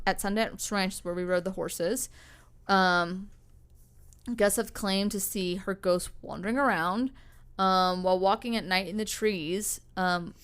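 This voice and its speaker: A woman's voice: mid-range voice, smooth. A young woman co-hosting a podcast, telling a story in a loose, rambling way, with lots of fillers and casual swearing. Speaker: podcast co-host.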